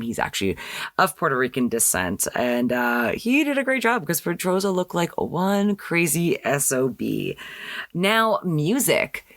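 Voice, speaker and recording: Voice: mid-range voice, a bit bright, no room sound, clean studio sound. A young adult podcast host recapping a TV episode in a chatty way with sarcastic asides.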